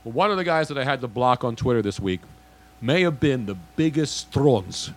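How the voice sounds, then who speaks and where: Over music playing beneath the talk, a Philadelphia man with a heavy New York accent co-hosts a radio show, ranting in mock outrage during casual banter. His mid-range voice is animated and moves at a moderate pace.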